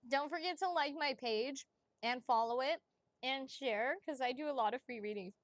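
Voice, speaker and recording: A woman reading as a psychic in a casual livestream chat, chatty and excitable, laughing often and swearing casually. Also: sits high, normal speed, dry recording. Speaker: psychic reader.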